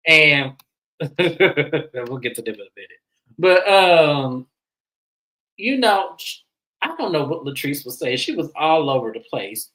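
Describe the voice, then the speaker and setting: A woman's voice: low-pitched, slow, pauses often, low-quality recording. A woman hosting a casual recap show, talking bluntly with plenty of profanity. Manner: blunt and profane, acts out quotes in animated voices. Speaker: show host reviewing a reality series.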